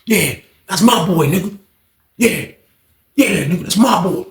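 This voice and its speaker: A man's voice: high voice, expressive, a little slow, vocal fry, echoey room, exaggerated voice. A man voicing a volatile, menacing male inmate enforcer who taunts and threatens. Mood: taunting.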